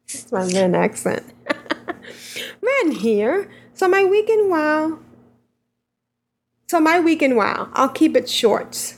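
A woman's voice: sits high, big pitch swings, takes it slowly, long pauses, slight background noise. A woman co-hosting a casual gaming podcast, reading listener emails aloud with giggly asides. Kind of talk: casual chat.

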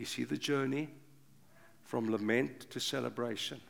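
An older man preaching an impassioned sermon, swinging from loud urgent bursts to hushed low passages. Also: normal speed, gravelly. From South Africa. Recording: long reverb of a big hall.

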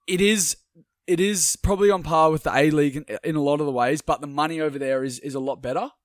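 A man's voice: a little high, fairly even intonation, fast, dry recording, clean studio sound. A young man co-hosting a casual sports chat, rambling with many restarts and laughs. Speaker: co-host.

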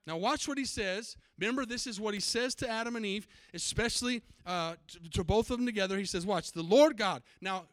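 A man's voice: sits high, brisk, few pauses, a bit bright, dry recording. A man preaching a sermon as pastor, emphatic and often asking his congregation questions.

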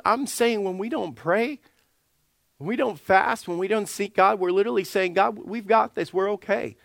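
A man who serves as lead pastor delivers an animated sermon, often clearing his throat and acting out the voices of those he quotes. His voice sits high, and there's no room sound.

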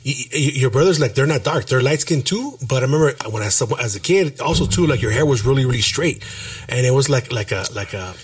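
A man hosting a casual podcast chat, easygoing and quick to laugh along. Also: medium pitch, lively intonation, breathy edge, dry recording, far from the mic. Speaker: podcast host. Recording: dry sound, speaker off mic.

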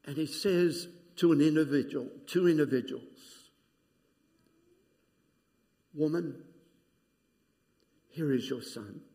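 A man preaching a sermon, retelling scenes dramatically and dropping to hushed, near-whispered quotes. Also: fairly high pitch, slow pace, long pauses. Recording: long hall reverb.

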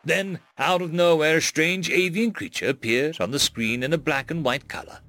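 A man narrating fan-written stories aloud in an expressive storytelling manner. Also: on the high side, moderate pace.

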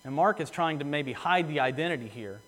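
Male pastor with a slightly high voice, preaching earnestly in a church with long reverb. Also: animated, fairly bright tone. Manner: earnest, repeats phrases for emphasis, slows on key words. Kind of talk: sermon.

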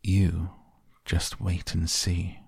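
Eccentric, impatient male factory owner for a storybook, deep gravelly voice, as a man reads him. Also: little pitch movement, no echo, studio quality, exaggerated voice. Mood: brisk. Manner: brisk, impatient, theatrical.

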